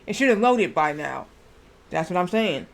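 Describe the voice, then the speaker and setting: A man's voice: high voice, sing-song, normal speed, gravelly. A man livestreaming a video game while telling a long family story, repeating words and restarting his sentences as he goes. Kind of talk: rambling storytelling while gaming.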